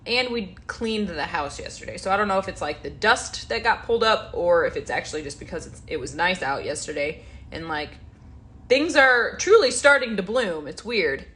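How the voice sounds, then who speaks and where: Chatting on her livestream, a woman rambles, reads out viewers' comments and responds as she goes. Her voice sits on the low side, expressive and fairly bright, at a normal speed. She sounds stuffy and yawns.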